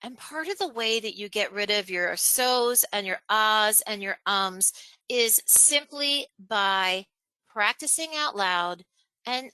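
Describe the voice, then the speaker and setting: A woman presenting a live webinar on speaking skills, animated and chatty, acting out examples. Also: clear, resonant tone, no echo, poor audio. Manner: animated, acts out examples in a higher voice, laughs between points. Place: online webinar, home or office.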